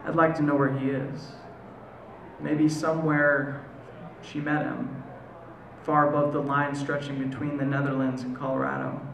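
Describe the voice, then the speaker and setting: An American man recites his poem live in a gravelly voice, pausing to let lines land. The room around him is echoey, with a faint hum of ambience underneath. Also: mid-range voice, little pitch movement, a bit bright. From United States. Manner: measured, deliberate delivery with slow, lingering pauses. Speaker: poet. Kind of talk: spoken word poetry performance. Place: live performance venue.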